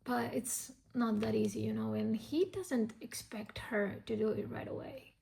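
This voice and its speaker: A woman's voice: a little high, unhurried, gravelly, heavy background noise. A woman book vlogger chatting candidly to camera, swearing freely and jumping between thoughts. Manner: candid, heavy swearing, restless. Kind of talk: casual reading vlog.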